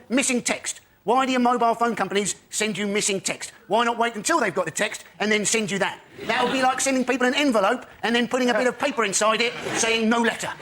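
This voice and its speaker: Quick, high-voiced male stand-up. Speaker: comedian. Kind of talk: stand-up routine. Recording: noisy studio.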